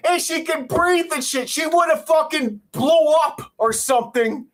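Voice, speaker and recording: A man's voice: extremely high pitch, a little slow, fairly bright tone. A man co-hosting a podcast, ranting about a movie in a heated, profane, laughing way. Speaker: podcast co-host. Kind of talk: casual ranting movie recap. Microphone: home podcast mic.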